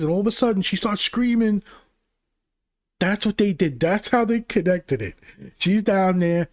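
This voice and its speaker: A man hosting his own channel, recapping movies in a casual, rambling, profane way that grows excitable. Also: a little high, dry recording, studio quality. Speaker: channel host.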